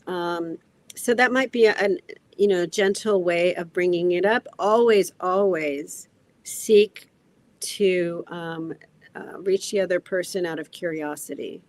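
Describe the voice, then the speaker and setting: A woman therapist giving measured, gentle relationship advice in a conversational interview. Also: fairly low pitch, no echo. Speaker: marriage and family therapist guest.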